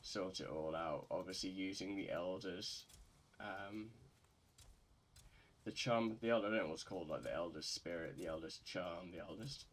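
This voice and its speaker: A young man from England talks in a low-pitched voice. He is a bit tipsy and rambles casually through his gaming commentary. He swears freely and often restarts himself. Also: normal speed. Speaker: gaming streamer.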